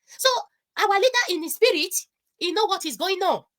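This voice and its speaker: High, bright Nigerian woman, excitable. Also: normal speed. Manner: excitable, switching into pidgin, frequent laughter. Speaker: guest commentator. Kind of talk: animated online discussion.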